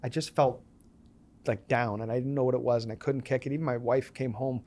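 A man's voice: mid-range voice, brisk. A man in his thirties, a podcast guest, telling stories and acting out the dialogue in them. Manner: animated storyteller acting out quoted dialogue. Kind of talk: storytelling interview.

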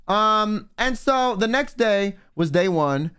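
A young man livestreaming as a vtuber, telling stories in a casual, animated way with plenty of swearing and filler words. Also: high voice, slow pace, few pauses, clear, resonant tone. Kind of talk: casual storytelling on stream.

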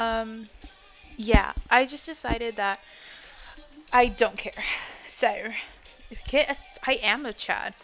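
Young woman gaming streamer, slightly high voice, loose and profane chatter, faint music underneath. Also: slow, pauses often, a bit bright. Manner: swears freely, blurts exclamations, rambles to chat. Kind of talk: casual live-stream chat while playing.

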